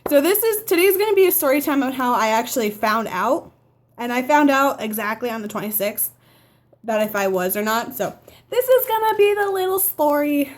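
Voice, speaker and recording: A nineteen-year-old woman telling a casual story at home, chatty and animated, quoting the people in her story. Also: high voice, moderate pace. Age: teens. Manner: chatty, animated retelling with quoted dialogue. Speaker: vlogger. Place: home living room by a window.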